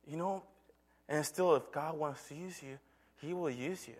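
A man's voice: on the high side, moderate pace, darkish tone. A middle-aged man, a church elder, giving an earnest sermon testimony told as a story. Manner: earnest, storytelling with acted quotes.

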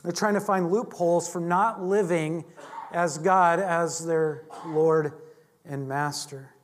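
A man's voice: fairly high pitch, fairly even intonation, takes it slowly, slight background noise. A man teaching a Bible lesson in a chatty, joking sermon style, often restarting his sentences. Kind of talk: conversational sermon.

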